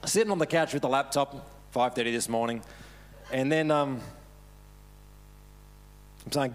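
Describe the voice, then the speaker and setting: A man's voice: medium pitch, unhurried, pauses often. A man preaching a casual, storytelling sermon with self-deprecating humour, laughing often as he talks. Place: church service.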